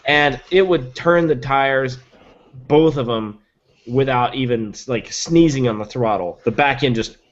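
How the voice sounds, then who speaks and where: A man's voice: mid-range voice, unhurried, highs cut off. A man talking in a casual podcast chat as a guest reviewer, enthusiastic and filling his talk with likes and ums. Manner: enthusiastic, rattles off specs with many likes and ums.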